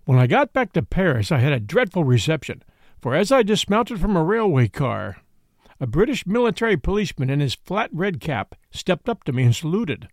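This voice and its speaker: A man narrating an audiobook of a memoir, his slightly high voice rising and falling with lively expression. He reads as a storyteller and gives the quoted lines a touch of acting. The recording is close and dry, with no room sound. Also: moderate pace, no room sound. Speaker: podcast host and narrator.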